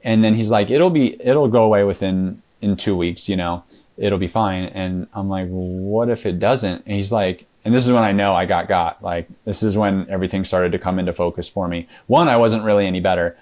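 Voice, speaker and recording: A man's voice: low-pitched, brisk, a little mellow. A man guest in an interview, telling his story in a casual, rambling way with many fillers and restarts.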